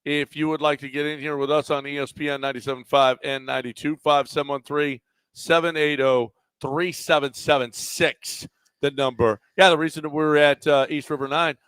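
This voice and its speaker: A man's voice: fairly high pitch, fairly even intonation, a little fast, fairly bright tone, clear, resonant tone, no room sound. A man co-hosting a sports radio show, giving out the call-in number and bantering. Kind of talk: casual sports talk. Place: radio studio.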